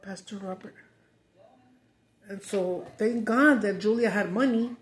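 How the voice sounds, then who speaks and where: A woman's voice: medium pitch, measured pace. Roomy-sounding woman venting. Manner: frustrated, cussing, mixing Spanish and English. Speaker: mukbang vlogger. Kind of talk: casual chat while eating. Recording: roomy echo.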